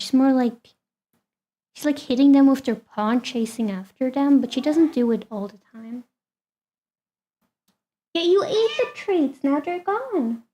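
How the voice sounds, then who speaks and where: A woman's voice: on the high side, dark tone. A woman streamer chatting casually with her viewers and talking fondly to her cat.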